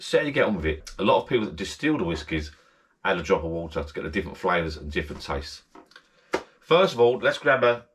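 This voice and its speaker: A man hosting a casual vlog from his backyard garden shed bar, rambling and repeating himself as he chats straight to his viewers. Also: lowish voice. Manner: rambling, repeats himself, friendly direct address. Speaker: channel host.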